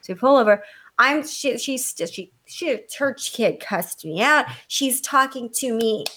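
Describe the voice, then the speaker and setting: An adult woman telling a story in casual chat, blunt and animated, swearing freely, with a condescending edge she admits to. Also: a little high, a little slow. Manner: self-described condescending.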